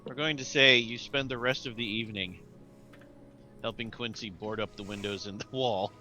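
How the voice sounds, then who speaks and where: A man's voice: on the low side, steady tone, normal speed, pushed and bright, soft background music, poor audio. A man narrating as game master of a tabletop role-playing game, telling the scene vividly and laughing along.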